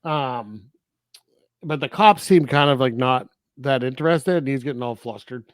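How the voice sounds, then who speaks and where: Co-hosting a podcast, a man casually recaps a movie plot in a laid-back film review chat, full of fillers and frequent laughter. He has a mid-range voice at a moderate pace, with no echo.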